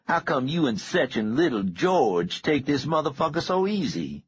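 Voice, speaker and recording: An impatient young gang leader, played by a man, snaps out his questions. The voice is pitched up but stays husky, with a lively rise and fall. The recording is dull and lo-fi. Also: moderate pace, full character voice. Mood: stern. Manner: snapping, impatient.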